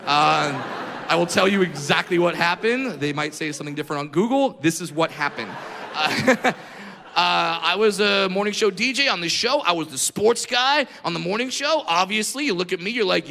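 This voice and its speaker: A man from Southern California doing a stand-up comedy set on stage, telling stories in a brash, profane, animated way. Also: sits high, brisk, big-room sound. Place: comedy stage before an audience. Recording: live set with clear background noise.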